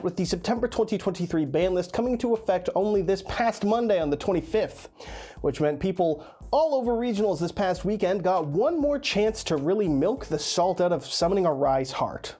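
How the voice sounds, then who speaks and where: A man's voice: fairly high pitch, dark tone. Congested sarcastic man hosting a show. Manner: sarcastic, dry jokes. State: congested from illness. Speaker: host of a card game news show. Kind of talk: scripted news commentary.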